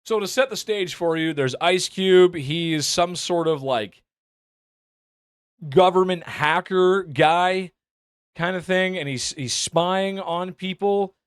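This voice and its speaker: Rambling man with a high voice. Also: slow, smooth, no echo, clean studio sound. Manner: rambling, heavy filler "like", profane, sarcastic. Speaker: movie reviewer. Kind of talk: casual movie review rant.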